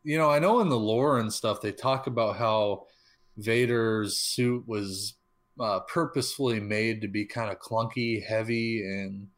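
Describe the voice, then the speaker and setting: A man with a lowish voice talks through a film in a relaxed podcast chat. He stumbles, restarts and fills pauses with "um" as he gathers his thoughts. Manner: halting, stuttering, many fillers and restarts. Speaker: podcast co-host. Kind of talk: casual film discussion.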